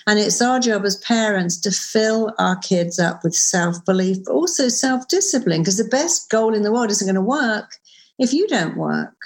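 A middle-aged woman talks as an interview guest, mid-pitched and lively. She stresses her points emphatically and tells stories with quick asides. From United Kingdom. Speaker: therapist and author, guest. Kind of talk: conversational interview.

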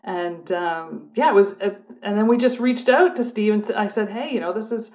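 A middle-aged woman from Canada, a former police officer, telling her stories in a relaxed, chatty way on a podcast. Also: mid-range voice, moderate pace. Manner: chatty storyteller, talks readily at length. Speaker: guest, former undercover cop and prosecutor. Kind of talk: casual podcast chat. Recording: muffled lo-fi audio.

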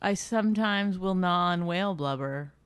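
A middle-aged woman from Canada co-hosting a podcast, chatting and bickering casually, often mumbling and trailing off quietly. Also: fairly low pitch, normal speed, clear, resonant tone, no room sound. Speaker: podcast co-host.

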